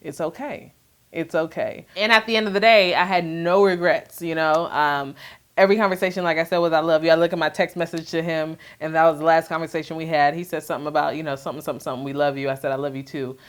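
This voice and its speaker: Soft-spoken woman reflecting to camera. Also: low voice, fairly even intonation, rapid-fire, smooth. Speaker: vlogger sharing her grief. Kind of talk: candid personal talk to camera.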